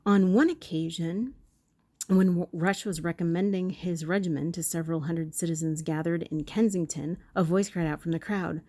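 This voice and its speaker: A woman's voice: lowish voice, fairly even intonation, moderate pace, warm tone. Playful woman reading history aloud. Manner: playful, self-interrupting, reacts to the text. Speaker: video host.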